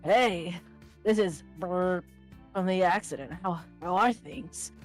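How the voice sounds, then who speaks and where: A woman's voice: on the low side, faint music behind. A woman putting on a creepy smug older man. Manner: smug, slow, overly formal. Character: creepy middle-aged man pushing romance.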